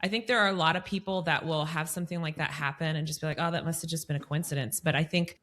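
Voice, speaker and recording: Woman cohost with a low voice, encouraging and reflective, just chatting. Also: steady tone, fast. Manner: warmly affirming, reflective. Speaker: podcast co-host. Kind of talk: casual podcast chat.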